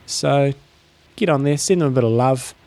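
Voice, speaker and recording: Casual male podcast co-host, gravelly, rambling delivery. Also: mid-range voice, normal speed. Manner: relaxed, rambling, many fillers. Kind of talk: casual chat.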